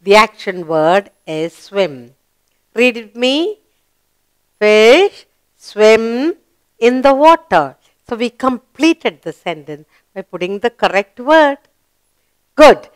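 A woman teaching a children's lesson, spelling out letters and quizzing young learners slowly and deliberately. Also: a little high, a bit bright, clear, resonant tone, no echo.

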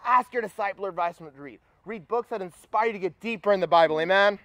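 A young adult man preaching a sermon at a campus retreat, energetic and rallying the crowd. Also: high voice, quick pace, no echo.

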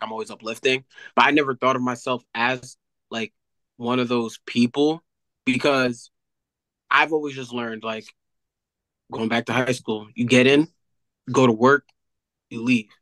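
A young man, an athlete guest, telling a story in an animated casual way with many fillers. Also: mid-range voice, no room sound, poor audio.

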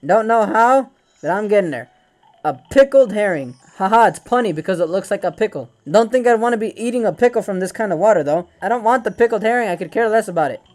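A man hosting a VR fishing game video, excitable and joking, swearing often as he plays. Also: high-pitched, fast. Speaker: gaming channel host. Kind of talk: VR game commentary. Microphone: VR headset gameplay capture.

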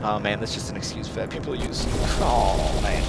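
Excitable young man playing a game. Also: fairly high pitch, a little fast, few pauses, music in the background. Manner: playful, excitable, laughs often, trying out silly accents. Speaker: gaming video creator. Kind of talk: casual let's play commentary.

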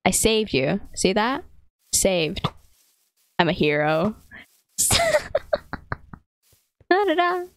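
A woman's voice: lowish voice, slow pace, pauses often, dry recording, rough recording. A young woman giving casual, playful commentary while playing a game with a friend, laughing often and joking at her own expense. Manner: giggly, playful, self-mocking. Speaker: gamer.

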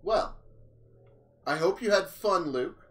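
A man's voice: sits high, animated, takes it slowly, fairly bright tone. A man co-hosting a game night stream, playful and joking, chatting casually and promoting the show.

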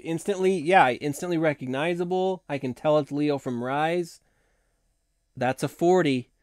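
A hoarse man hosting a casual live stream, chatting in a rambling way and laughing often. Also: a little high, unhurried, darkish tone, dry recording, studio quality. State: hoarse from long talking.

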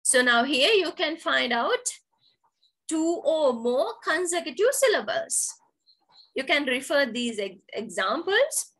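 A woman's voice: high-pitched, very animated, takes it slowly, a bit bright, poor audio. A woman teacher giving an online poetry lesson, explaining terms step by step and repeating key words. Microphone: video call.

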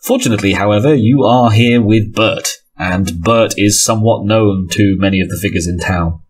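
A man runs a tabletop game, narrating the scene and trading dry banter with his players. His voice sits low with a husky grain. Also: normal speed. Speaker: game master.

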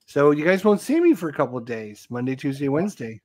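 A man hosting a casual live stream, chatty and quick to tease his co-host. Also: a little high, big pitch swings, darkish tone.

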